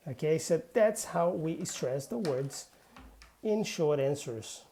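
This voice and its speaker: A woman teaching English at a very unhurried pace, reading example sentences slowly and clearly. Her voice sits a little low and sounds soft and mellow. She talks in a calm lesson style and keeps checking in with "yeah". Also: a little hiss or hum. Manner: deliberate, models example sentences aloud, frequent "yeah". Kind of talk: spoken grammar lesson.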